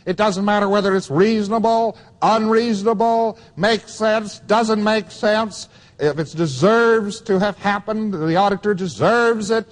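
A man's voice: high-pitched, a little slow, long reverb tail. A man giving a taped lecture to students, emphatic and wry, repeating key phrases for weight.

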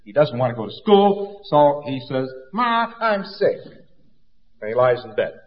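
A man's voice: medium pitch, sing-song, brisk. A man giving a lecture in an emphatic, folksy way and acting out little anecdotes. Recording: dull lo-fi recording in a reverberant hall.

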